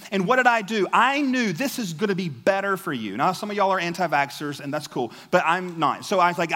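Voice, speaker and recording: A man with a notably high voice delivers a sermon from the pulpit, talking to the congregation in a loose, animated, conversational way and often repeating himself as he builds a point. His voice rings out with a long reverb tail, as in a large church hall. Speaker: pastor.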